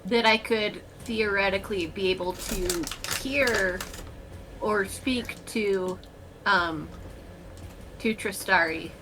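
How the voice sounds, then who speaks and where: A woman's voice: mid-range voice, slow pace, noisy background. A woman playing a tabletop game over voice chat, thinking aloud and asking the game master about the rules. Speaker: player. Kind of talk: casual play over voice chat.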